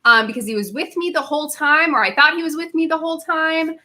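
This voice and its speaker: A woman's voice: high voice, quick pace, pushed and bright. A young woman co-hosting a casual home livestream, who gushes over gifts and tells stories with plenty of fillers. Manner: gushing, storytelling with fillers. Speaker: co-host, fiancée.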